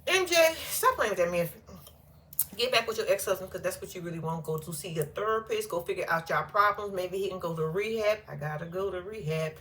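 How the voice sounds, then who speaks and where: A woman giving casual reaction commentary on a reality TV episode. Her pitch swings widely as she talks, and her tone is bright and forceful. She is blunt and profane, with frequent laughter. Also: animated, brisk. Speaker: reality TV recap host.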